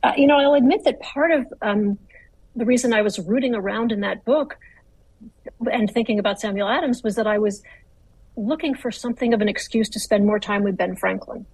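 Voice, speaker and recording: A woman author answering interview questions in an articulate, measured way with frequent restarts. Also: a little high, a little mellow, breathy edge, dry recording, poor audio.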